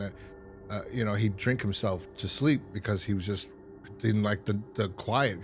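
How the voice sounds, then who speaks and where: A man casually recapping a TV episode, rambling and acting out lines in quick high-pitched voices. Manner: rambling retelling, jumps into high quoted voices for characters. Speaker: show host reviewing a TV episode.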